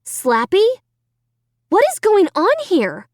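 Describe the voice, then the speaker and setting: A woman's voice: high-pitched, big pitch swings, measured pace, no room sound, clean studio sound, pitched above the performer's own voice. A woman reading an audiobook, voicing a frantic preteen girl who wails, shrieks and trembles as she insists she is innocent. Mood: bewildered. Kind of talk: audiobook character voice.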